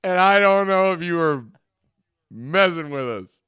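A man co-hosting a casual sports podcast over a video call, animated and mocking, with quick exclamations. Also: high voice, clean tone, no room sound, clean studio sound. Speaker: podcast co-host. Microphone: remote video call.

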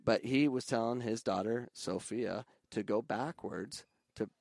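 A man who coaches youth soccer, talking casually and animatedly, jumping up into loud mimicry of other coaches and parents. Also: medium pitch, a little slow, creaky, dry recording. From Arizona. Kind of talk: casual podcast conversation.

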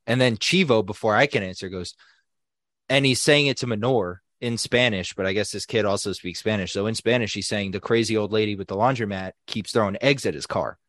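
Animated, foul-mouthed man telling stories. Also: fairly low pitch, a little fast, dry recording. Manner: animated, profane, acts out quoted people. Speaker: podcast co-host. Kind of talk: casual storytelling chat.

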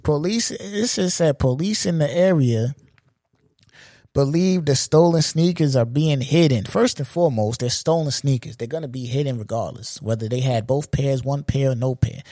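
A man in his forties hosting a solo podcast, ranting in a loose, profane, animated way and laughing at his own jokes. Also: medium pitch, moderate pace, dry recording, clean studio sound. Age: 40s. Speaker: podcast host. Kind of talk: solo comedic podcast rant.

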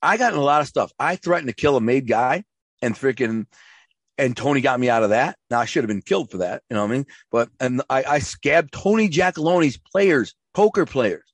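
A man from the Detroit area tells his stories at a rapid clip, stumbling over restarts and slipping into acted-out quotes. His mid-range voice sits dry and close, with no room around it. The talk is casual, profane and streetwise. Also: medium pitch, expressive, no room sound. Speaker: interview guest, former mob associate and author. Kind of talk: casual storytelling interview.

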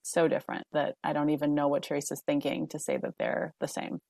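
A woman's voice: low voice, fairly quick, creaky, no room sound, studio quality. A woman hosting a podcast, talking casually and animatedly with a guest, peppering her speech with "like" and laughs. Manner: chatty, animated, frequent laughs and "like". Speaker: podcast host. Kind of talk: casual chat.

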